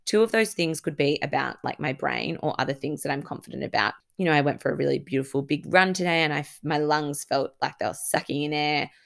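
A woman's voice: low-pitched, quick pace, creaky, hardly any pauses, a bit bright. A young woman hosting her own podcast, telling a personal story in a candid, chatty way, full of fillers and casual swearing. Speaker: podcast host.

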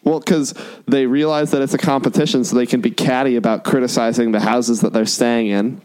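A man's voice: medium pitch, steady tone, a little fast, darkish tone, low-quality recording. A man co-hosting a podcast, enthusiastically explaining a TV show step by step in casual chat. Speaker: podcast co-host.

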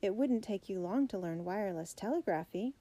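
A friendly young man passes along news in a helpful way, voiced by a woman reading aloud. His tone is mellow. He comes from a read-aloud storybook. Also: mid-range voice, expressive, a little fast, dry recording, natural voice.

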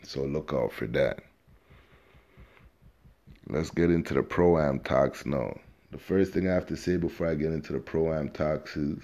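A man's voice: deep voice, warm tone. A man hosting a podcast in a casual, slangy and profane unscripted monologue, speaking straight to his listeners. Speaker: podcast host.

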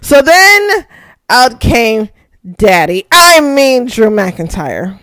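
A young woman hosting a casual recap show, excitable, laughing often and swearing freely. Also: on the high side, very slow. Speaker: podcast host.

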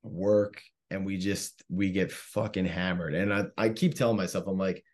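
A very deep-voiced young man from South Jersey spins a long story in loose, casual chat. He swears freely and tells it with animated energy. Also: moderate pace. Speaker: comedian guest.

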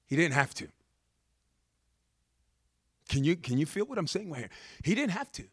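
A man's voice: fairly high pitch, big pitch swings, moderate pace, husky, no echo, studio quality. A man preaching a sermon, telling the story with humor and repeating words for emphasis.

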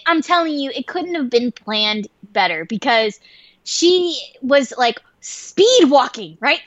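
A woman co-hosting a podcast and telling a work story in an animated, profane way, full of fillers. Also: high voice, no echo. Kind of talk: casual storytelling. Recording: dull dry lo-fi sound.

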